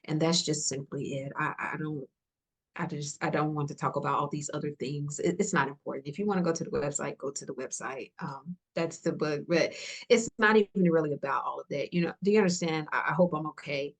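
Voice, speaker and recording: A woman speaks on a podcast in a low, husky voice with a gravelly edge. She is earnest and heartfelt, repeating her encouragements and often softening into a whisper. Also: brisk. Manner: earnest, repetitive, softly emotional, drops to whispers. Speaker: podcast guest.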